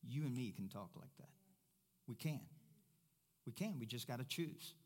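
A man preaching a sermon as pastor, first loud and emphatic, then quieter and conversational. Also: medium pitch, lively intonation, normal speed.

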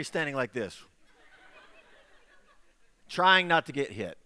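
A man's voice: mid-range voice, sing-song, slow, long pauses, pushed and bright, smooth, no room sound, big-room sound. A middle-aged man preaching a sermon, telling a personal story with acted-out dialogue. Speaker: pastor.

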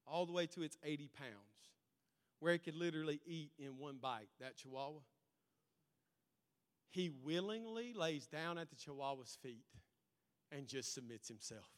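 A male pastor preaching a sermon, telling stories in an animated way that swings between loud and quiet. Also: on the high side, normal speed, pauses often. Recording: long reverb in a large hall.

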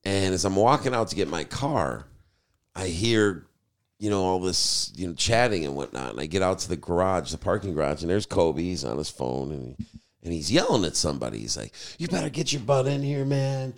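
A man's voice: sits low, lively intonation, fairly quick. A male podcast host in casual chat, telling a rambling anecdote full of "you know".

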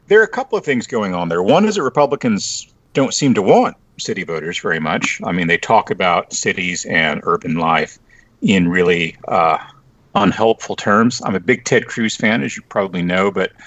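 A middle-aged man from the Texas Panhandle, a journalist guest chatting casually on a podcast, wry and lively, full of "you know" fillers. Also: deep voice, no room sound, muffled recording.

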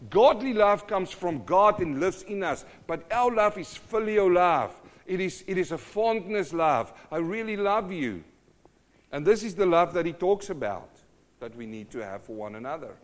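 A middle-aged pastor preaching a sermon with a fairly high voice. He talks in a conversational, animated way. He acts out little scenes as he goes.

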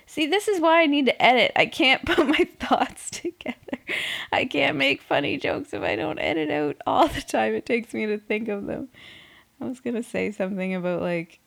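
A woman with a fairly high, gravelly, slightly bright voice speaks with lively intonation at a moderate pace. Hosting an unedited solo podcast, she rambles casually, swears, restarts often, and pokes fun at herself as she loses her train of thought.

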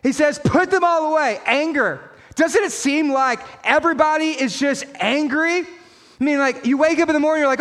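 High-voiced man preaching a sermon. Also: moderate pace, in a large hall. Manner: emphatic, rising to shouts at key points. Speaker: pastor.

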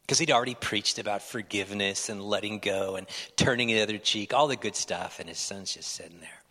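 A male pastor with a low, husky voice delivers an earnest, pleading sermon. His words ring out with a long reverb in a large church hall. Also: brisk, few pauses, sharp tone.

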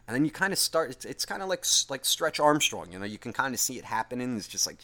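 A man's voice: medium pitch, big pitch swings, fast talker, hardly any pauses, pushed and bright. A young man ranting in a profane, rambling, self-mocking monologue, tired after a long day. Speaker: podcast host.

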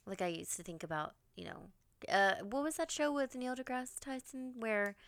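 Woman podcaster, smooth clear voice, dry close sound, just keeps asking big what-if questions. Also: a little high, expressive, normal speed, a bit bright, no echo. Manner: wondering aloud, chains questions together. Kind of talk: casual chat.

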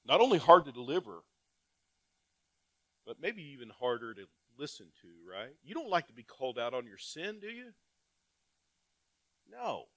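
Guy preaching a sermon, reads scripture, keeps asking the church questions, goes from really loud to quiet. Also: medium pitch, big pitch swings, normal speed, long pauses. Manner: preaching with big swings between loud emphatic calls and quiet asides; reads scripture aloud and asks the congregation rhetorical questions. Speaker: pastor.

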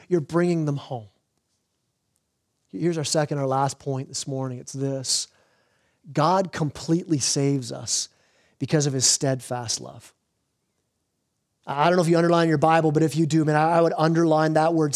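Guy preaching, kinda high voice, earnest, stumbles and repeats words, slows way down for emphasis. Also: fairly even intonation. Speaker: pastor. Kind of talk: sermon.

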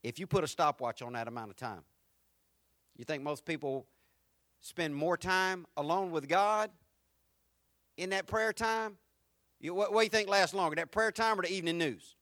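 A man preaching a sermon, moving from quiet, reflective lines to loud, repeated build-ups. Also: high voice, normal speed, long pauses, dry recording, clean studio sound. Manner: swings from quiet to rising, repetitive preaching. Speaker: pastor.

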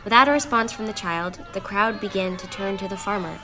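A woman telling a dark fable as a storyteller, in measured, steady scripted narration. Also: medium pitch. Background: music.

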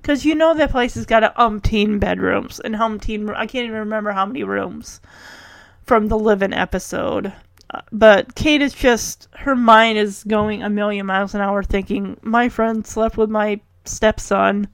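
A woman's voice: mid-range voice, normal speed, creaky, no echo. A woman chatting casually as she recaps a TV episode, rambling and full of fillers.

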